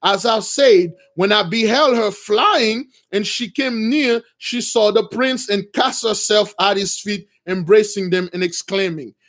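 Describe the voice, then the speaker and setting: A man's voice: high-pitched, a little slow, few pauses, fairly bright tone. A man delivering a sermon, reading a passage aloud and then retelling it in his own words, calling his listeners brothers. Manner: addresses listeners as brothers, restarts, repeats, informal asides. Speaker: preacher. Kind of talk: sermon reading a text with commentary.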